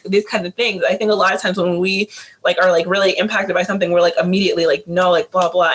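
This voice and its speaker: A man who works as a teacher, giving casual advice on a panel, talking rapidly with many fillers and restarts. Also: sits high, fairly bright tone.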